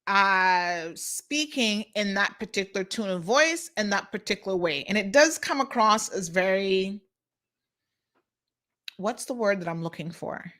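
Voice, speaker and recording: A woman's voice: mid-range voice, expressive, a little slow, fairly bright tone. A woman hosting an unscripted live talk show, speaking outspokenly and emphatically as she addresses viewers directly and reads out their comments.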